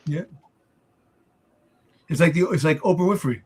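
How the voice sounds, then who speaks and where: A man co-hosting a casual wrestling podcast, talking haltingly with many fillers and quick to agree. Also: on the high side, a little hiss or hum. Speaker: podcast co-host.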